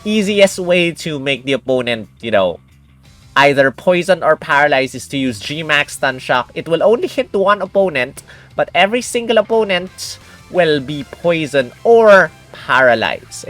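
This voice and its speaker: A woman hosts a game guide video in a relaxed, talkative way, explaining things step by step and calling her viewers guys. Her voice sits low for a woman. Quiet guitar music plays faintly behind her. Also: normal speed. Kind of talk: casual game guide commentary.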